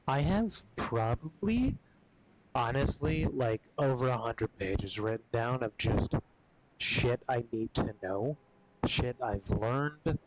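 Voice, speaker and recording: Gamer guy on stream, lowish voice, swears a ton, keeps coughing and clearing his throat. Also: noisy background. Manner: profane, rambling, laid-back. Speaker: gaming streamer. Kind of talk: casual stream chat.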